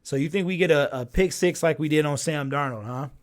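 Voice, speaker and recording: A man's voice: fairly high pitch, brisk. A man hosting a casual sports talk livestream, reacting to viewers' chat and reading comments aloud with lots of fillers and repeats.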